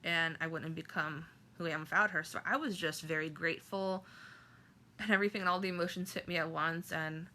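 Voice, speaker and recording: A woman vlogger telling a personal story to camera, halting and emotional, with many fillers and restarts. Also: fairly low pitch, bright, forceful tone.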